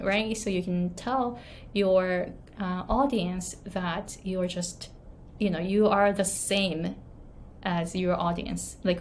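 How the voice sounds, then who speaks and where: A woman's voice: medium pitch, slight background noise. Chatty woman business coach. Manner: chatty, repeats "right?" and laughs between points. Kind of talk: casual teaching talk.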